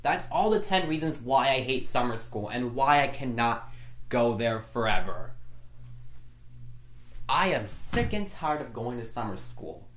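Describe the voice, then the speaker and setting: Woman with a low, unhurried voice, ranting in frustration with stumbles and restarts, recorded in an echoey room. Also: lively intonation. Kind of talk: angry vlog rant.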